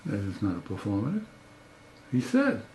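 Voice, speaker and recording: A man's voice: lowish voice, huge pitch swings, moderate pace, a little mellow, a little hiss or hum. An older man, a professor giving a lecture, emphatic and full of rhetorical questions. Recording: roomy echo.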